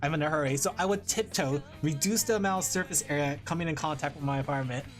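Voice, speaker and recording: A woman's voice: low-pitched, fast talker, soft background music. A woman from California chatting casually on a livestream while drawing, rambling and laughing often. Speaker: VTuber streamer.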